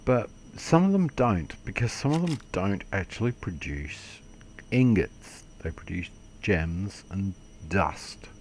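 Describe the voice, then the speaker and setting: A man's voice: deep voice, expressive, slow pace, a little mellow, a little hiss or hum. A man giving a casual, rambling game tutorial commentary, self-deprecating and swearing mildly. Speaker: gaming video creator.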